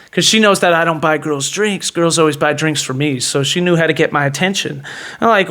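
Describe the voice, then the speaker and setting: A man's voice: on the high side, expressive, normal speed, fairly bright tone. A young man hosting his own show, telling a boastful story in a brash, mocking way, laughing at his own jokes and filling his talk with "like" and "you know what I mean.". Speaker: podcast host.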